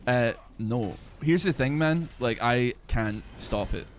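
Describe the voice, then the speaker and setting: A young man with a softened Glasgow accent rambles through casual stream talk, peppering it with "like," "man" and swearing. His voice sits at an ordinary middle pitch. He sounds loose, chatty and offhand while he plays. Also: lively intonation, takes it slowly, a little hiss or hum. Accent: Glasgow Scottish, softened. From Glasgow, Scotland. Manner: rambling, profane, full of "like" and "man". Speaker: game streamer. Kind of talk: casual live-stream chat while gaming.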